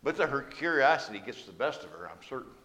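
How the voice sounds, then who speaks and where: A man's voice: mid-range voice, very animated, quick pace, pushed and bright. A man preaching a sermon in a conversational storytelling way, with asides to the congregation.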